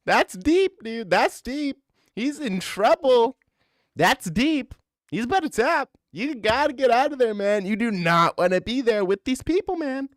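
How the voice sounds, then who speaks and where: A man doing an impression of a podcaster yelling warnings from a helicopter, in a high, loud, strained voice. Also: animated, no echo, studio quality. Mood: yelling, urgent. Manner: shouting, drawn-out bro delivery.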